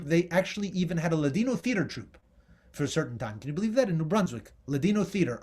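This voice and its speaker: Lively male professor lecturing. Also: a little high. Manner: enthusiastic, conversational, with fillers. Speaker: professor giving a history lecture. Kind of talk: slide presentation.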